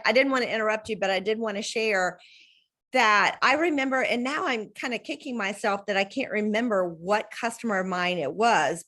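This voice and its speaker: A woman, hosting a casual video-call chat from home and telling stories with lively, acted-out quotes. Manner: animated storyteller, acts out quotes with big pitch jumps. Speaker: host.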